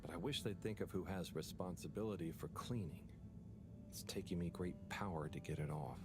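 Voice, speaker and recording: An actor playing a shy, tired young man who mutters to himself and talks to his pet fish in soft, half-whispered asides, in a video game. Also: deep voice, brisk, over music. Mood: muttering. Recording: game audio with ambience.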